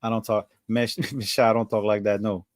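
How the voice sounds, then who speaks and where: A man's voice: fairly low pitch, level tone, moderate pace, no room sound, clean studio sound. A man from Louisiana hosting a casual livestream chat, cursing and mocking himself as he banters. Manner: profane, self-mocking banter. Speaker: podcast host.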